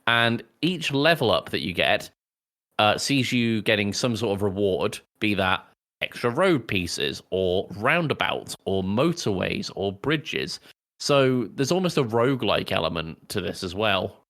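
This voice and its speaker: A man's voice: lowish voice, big pitch swings, a little slow, a bit bright. A man co-hosting a podcast, explaining game details and cracking wry jokes. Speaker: podcast co-host and editor. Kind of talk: casual banter.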